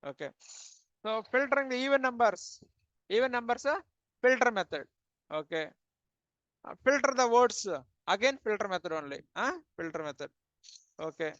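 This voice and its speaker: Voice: medium pitch, a bit bright. A programming instructor walks a class through coding exercises, putting questions to the students and then answering them. The speech is plain and repetitive, with many "uh" fillers and "okay" after each point. The recording is dull and lo-fi, with a dry sound and no room echo.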